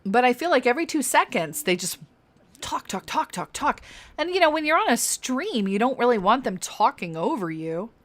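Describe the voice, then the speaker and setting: A woman's voice: on the high side, very animated, fairly quick, hardly any pauses, a bit bright. A young adult woman streaming a fantasy game, chatting casually and giggling as she plays. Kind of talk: casual gameplay commentary.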